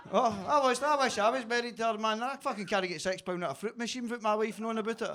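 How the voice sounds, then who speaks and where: A Scottish man doing a stand-up routine in a basement comedy club, telling stories loudly and swearing freely. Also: sits high, noisy background. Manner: loud, sweary, quick storytelling.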